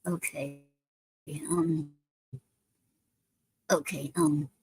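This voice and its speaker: A woman's voice: sits low, fairly even intonation, very slow, vocal fry, a little mellow, husky, poor audio. A woman hosting a casual live stream, talking with many ums and restarts.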